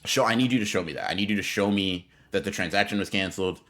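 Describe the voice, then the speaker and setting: Low-voiced young man telling a slangy story. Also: fast talker. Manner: animated storyteller, slangy and profane. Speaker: podcast co-host. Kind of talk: casual storytelling chat.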